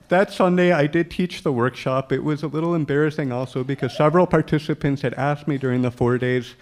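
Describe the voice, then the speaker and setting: A man's voice: a little high, fairly quick. A man telling a personal story to an audience in a humorous way, often chuckling as he talks. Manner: acts out dialogue with lively quoted voices.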